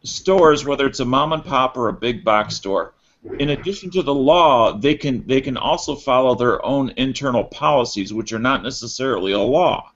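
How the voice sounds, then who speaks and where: A man explains the rules in a casual panel chat, matter-of-fact and even. His voice is mid-pitched. The audio is dull and lo-fi. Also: moderate pace.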